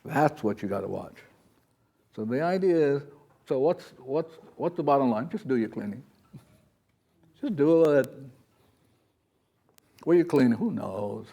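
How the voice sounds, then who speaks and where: Mellow-voiced man giving a rambling spiritual talk. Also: mid-range voice, expressive, unhurried, creaky, pauses often, slightly rough. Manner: rambling, chatty, acts out little quoted voices. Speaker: spiritual teacher. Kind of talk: informal spiritual talk to a live audience. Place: talk in front of an audience.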